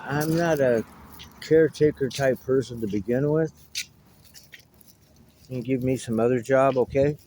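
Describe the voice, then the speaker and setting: A middle-aged man rambles through a casual monologue to the camera, drifting between thoughts with wry little asides. His voice sits at an ordinary middle pitch. A faint hiss runs underneath. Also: unhurried, long pauses, dark tone, low-quality recording. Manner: meandering, reminiscing, wry asides. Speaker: vlogger.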